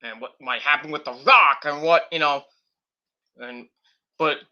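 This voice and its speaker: A man's voice: fairly high pitch, measured pace, sharp tone, highs cut off. A man hosting a casual wrestling predictions show, rambling off the cuff with cursing and mocking nicknames. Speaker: host.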